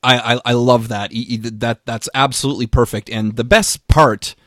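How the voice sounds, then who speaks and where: A man and fitness coach co-hosting a podcast, talking in an emphatic, energetic way with frequent restarts and repeated words. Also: mid-range voice, normal speed, dry recording, studio quality. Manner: casual swearing. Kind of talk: casual podcast chat.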